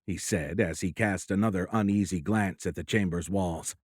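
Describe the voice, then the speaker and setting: A man narrates a thriller audiobook in a low, measured voice. His reading is dramatic but steady. The sound is close and dry, with no room around it. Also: no echo. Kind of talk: scripted narration.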